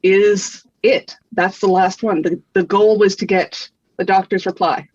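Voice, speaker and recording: A woman's voice: mid-range voice, steady tone, unhurried, a little mellow, no echo, highs cut off. A woman appearing as a podcast guest in casual chat, with a wry, joking manner.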